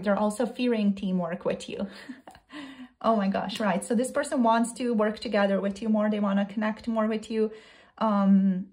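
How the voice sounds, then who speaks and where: A woman giving a casual tarot reading, thinking out loud, repeating and restarting her phrases, quick to exclaim. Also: mid-range voice. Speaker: tarot reader.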